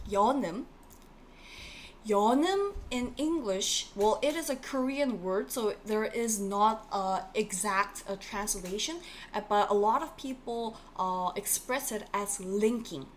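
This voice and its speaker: A woman with a fairly high voice teaches a live online language class, coaxing her viewers along and repeating each key word several times. Faint noise sits under the recording. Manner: encouraging, repeats key words, reads viewer comments. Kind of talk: live-streamed online lesson.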